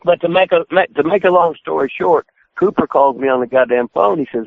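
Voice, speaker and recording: A man's voice: fairly high pitch, quick pace, creaky, no echo. A retired wrestler telling his stories on a podcast, swearing constantly and acting out what was said. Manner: swears constantly, acts out his own quotes loudly. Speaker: retired pro wrestler guest. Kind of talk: profane storytelling on a phone-in podcast. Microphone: phone call. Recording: tinny dry phone line.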